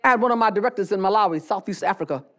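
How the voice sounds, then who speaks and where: The congregation is called to answer as a preacher races through a fiery sermon in a mid-range voice. He repeats phrases and erupts in shouts.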